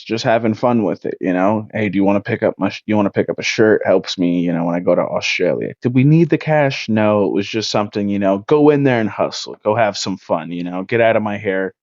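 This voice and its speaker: A young man in his twenties, co-hosting a podcast and telling a story in a loose, profane, animated way. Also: on the low side, no room sound. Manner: animated, profane, swings his voice up when excited. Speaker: podcast co-host. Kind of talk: casual storytelling. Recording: dull, dry lo-fi sound.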